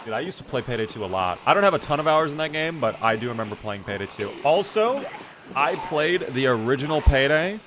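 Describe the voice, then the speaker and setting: A man's voice: medium pitch, very animated, a little fast, background noise. A man streaming a video game and chatting casually with his audience. He talks in a loose, rambling way, with plenty of "like" fillers. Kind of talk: casual live-stream chat.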